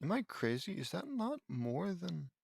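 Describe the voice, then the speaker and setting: A man's voice: sits high, big pitch swings, unhurried, gravelly, darkish tone, husky, dry recording, clean studio sound. A man reading fan fiction aloud and breaking off into sarcastic, mocking commentary. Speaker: audiobook reader and commentator.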